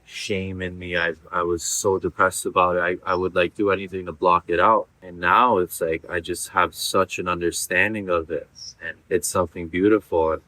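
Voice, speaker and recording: Deep-voiced guy in his 30s, bright forceful tone, rambling earnest testimonial, lots of you know and like. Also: little pitch movement, moderate pace, few pauses, no echo. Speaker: former patient giving a testimonial. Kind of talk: candid personal testimonial.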